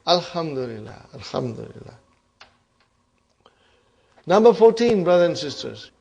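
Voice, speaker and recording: Guy teaching arabic grammar to a class, keeps quizzing ppl, kinda high voice. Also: sing-song, unhurried, creaky, darkish tone, slightly rough, lo-fi sound. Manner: quizzes students, frequent checks like "huh?" and "okay?"; addresses class as brothers and sisters. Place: classroom with students.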